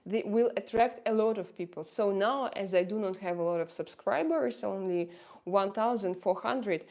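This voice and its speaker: A woman's voice: medium pitch, moderate pace, darkish tone. Woman with a Russian accent, hesitant. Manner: hesitant, searching for words with many fillers. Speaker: livestream host reading viewer chat. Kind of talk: casual livestream chat.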